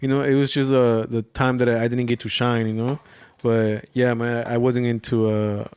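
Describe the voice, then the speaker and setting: A man talking as a podcast guest in a relaxed, laid-back casual chat. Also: mid-range voice, moderate pace, smooth.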